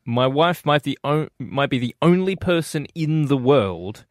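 A man's voice: medium pitch, expressive, a little slow, no room sound, clean studio sound. A man co-hosting a breakfast radio show, playful and laughing often. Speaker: radio co-host. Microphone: studio microphone.

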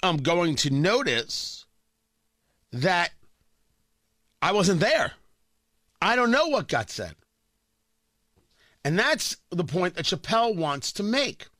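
A man's voice: high voice, big pitch swings, slow pace, pauses often, a bit bright, no room sound, clean studio sound. A man hosting a talk radio show, delivering an opinionated monologue in a combative, sarcastic way with emphatic repetition.

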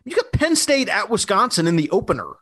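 A man with a fairly high voice co-hosts a podcast in relaxed chat. He talks loosely, with lots of fillers and restarts. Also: brisk. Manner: conversational, many fillers and restarts. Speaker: podcast co-host.

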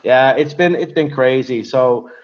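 A man's voice: mid-range voice, measured pace, highs cut off. A man talking casually as a guest, hesitant and full of fillers as he tells stories and breaks down players. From Europe. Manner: hesitant, many fillers and restarts. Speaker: guest, hockey prospects analyst. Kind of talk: casual conversational storytelling and analysis.

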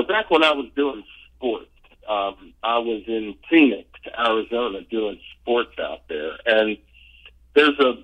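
Medium-pitched and captured on a low-quality recording, the voice belongs to an older man who used to play professional baseball. Interviewed as a guest, he tells relaxed, meandering tales with energy, stumbling over fillers and fresh starts.

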